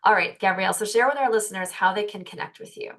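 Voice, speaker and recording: A woman's voice: mid-range voice, fast, creaky, a bit bright. Rambling, gushing American woman host. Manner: gushing, rambling, self-correcting. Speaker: podcast co-host. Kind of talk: casual interview chat.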